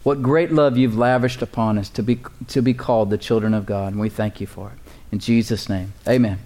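A man's voice: lowish voice, fairly even intonation, a little fast, a little mellow. Male pastor, sermon delivery, call-and-response, chuckling.

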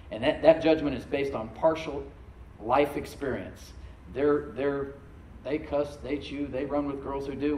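A man's voice: medium pitch, far from the mic, slight background noise. Preaching man with a roomy echo. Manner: preaching with sudden loud surges and soft asides; calls for responses from the congregation. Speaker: pastor. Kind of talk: sermon.

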